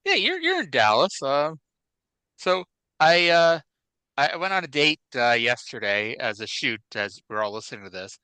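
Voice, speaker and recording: A man's voice: medium pitch, big pitch swings, moderate pace, pushed and bright, clear, resonant tone, dry recording, low-quality recording. A man in his forties co-hosting a casual podcast, telling rambling stories with a lot of filler words. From northern USA. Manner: rambling storyteller, many fillers like "like" and "you know". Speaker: podcast co-host. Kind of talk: casual chat.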